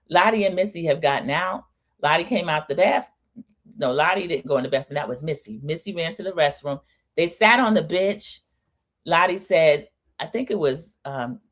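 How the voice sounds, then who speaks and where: Woman host, middle-aged, lowish voice, gossipy and scolding in a live recap. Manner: chatty, scolding, addresses viewers as y'all. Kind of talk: live opinion recap, casual chat.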